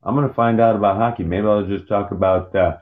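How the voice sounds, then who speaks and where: A man's voice: fairly low pitch, fast. A man co-hosting a podcast in casual chat, rambling from topic to topic and joking around. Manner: rambling, jokey, animated, meandering. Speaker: podcast co-host. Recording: dull lo-fi podcast audio.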